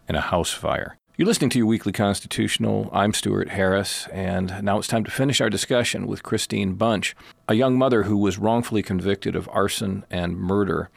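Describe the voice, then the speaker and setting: A man's voice: lowish voice, gravelly, no room sound. A man hosting a talk show, reading a formal scripted introduction. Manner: formal announcer delivery. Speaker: radio show host.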